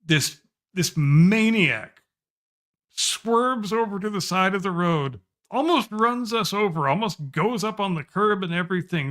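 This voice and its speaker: A man's voice: high voice, lively intonation, unhurried, a bit bright. A middle-aged man co-hosting a podcast in casual chat, ranting emphatically and swearing. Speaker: podcast co-host.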